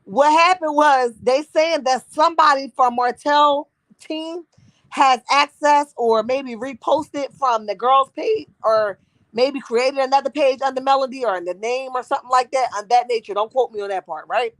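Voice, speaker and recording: A woman's voice: high voice, moderate pace, fairly bright tone, no echo. A woman hosting a casual live-stream gossip chat, sassy and talkative, calling her viewers honey and boo.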